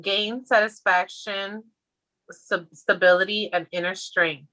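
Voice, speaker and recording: A woman co-hosting a casual spiritual chat show, reading a card's text aloud, pausing to laugh. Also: mid-range voice, steady tone, bright, forceful tone, low-quality recording. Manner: reads card text slowly, breaking into laughter. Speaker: podcast co-host.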